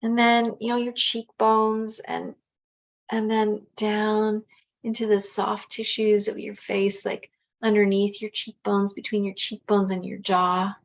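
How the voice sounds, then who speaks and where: A woman teaching a guided self-massage relaxation, speaking gently and unhurriedly with soft pauses and fillers. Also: mid-range voice, flat delivery.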